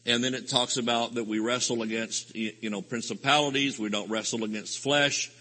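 Folksy preacher in a hall. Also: male voice, medium pitch, steady tone, fairly quick. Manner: rambling, folksy, with sudden loud outbursts. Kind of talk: sermon. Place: live convention hall. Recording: live hall recording with long reverb.

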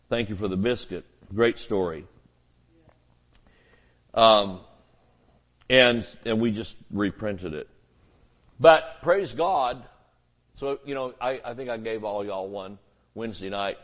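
A man preaching a sermon as pastor, folksy and conversational, with homespun illustrations. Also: mid-range voice.

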